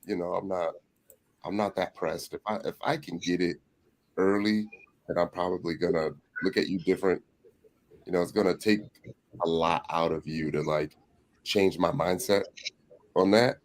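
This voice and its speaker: Super deep voice guy on a panel, chill, says you know a lot. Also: moderate pace, pauses often, low-quality recording. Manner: laid-back, relaxed, frequent "you know". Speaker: panel guest. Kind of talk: casual panel chat.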